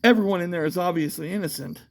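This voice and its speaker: High-voiced man rambling profanely. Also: fast talker, creaky. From United States. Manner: profane, meandering, with frequent fillers and restarts. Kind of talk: casual rambling monologue. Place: outdoors at night.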